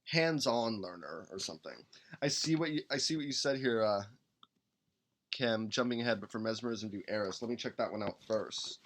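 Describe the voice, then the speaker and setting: A man's voice: fairly low pitch, normal speed, fairly bright tone, slight background noise. A man hosting a live-streamed tabletop game podcast, chatting casually and rambling as he reads rules text aloud and hums to himself while he looks things up. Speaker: podcast host building a game character.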